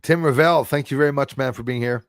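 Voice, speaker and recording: A man's voice: mid-range voice, quick pace, dry recording, studio quality. Rambling Quebecois man hosting a live stream. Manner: rambling, reads out and answers viewer comments. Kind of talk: casual live stream chat.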